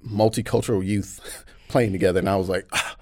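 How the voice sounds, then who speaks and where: A man's voice: sits low, brisk, dry recording, studio quality. A man with an American accent, a podcast guest telling candid personal stories and acting out the people he quotes. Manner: animated storyteller who acts out quoted people. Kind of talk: candid podcast interview storytelling.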